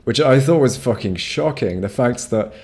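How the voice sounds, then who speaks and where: A man's voice: mid-range voice, expressive, moderate pace, darkish tone. A man streaming a game on a home microphone, rambling casually with lots of swearing and restarts. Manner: rambling, profane, frequent restarts. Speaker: gamer streaming a playthrough. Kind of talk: casual gameplay commentary.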